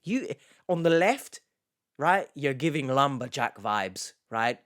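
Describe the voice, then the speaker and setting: A man's voice: medium pitch, very animated, slow pace, fairly bright tone. A man hosting a reaction video, commenting casually with sarcastic, mocking asides.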